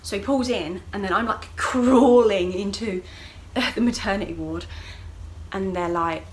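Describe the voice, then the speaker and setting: A woman's voice: normal speed, a little hiss or hum, low-quality recording. A young woman vlogging, telling a personal story in a casual, chatty way and acting out what people said with big jumps in voice. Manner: animated, acts out voices of others with sharp jumps in pitch and loudness.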